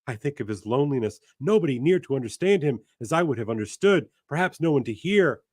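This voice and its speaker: Grieving young woman voiced by a man, pleading, emotional, repeats words, raised mid pitch, dry sound. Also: expressive, fast, no room sound, lightly acted.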